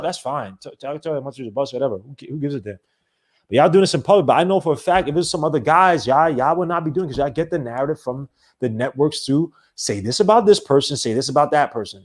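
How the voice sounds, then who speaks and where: A man hosting a sports podcast, ranting in a rambling, animated way with many restarts. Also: a little high. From not from the American South. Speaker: podcast host. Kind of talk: casual solo sports talk.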